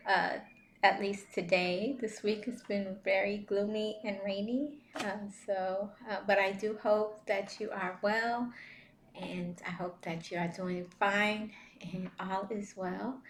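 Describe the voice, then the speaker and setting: Woman vlogger, slow and gentle faith talk, soft laughs and fillers, roomy echo. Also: mid-range voice, a little hiss or hum. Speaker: vlogger sharing faith reflections. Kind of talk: casual devotional talk.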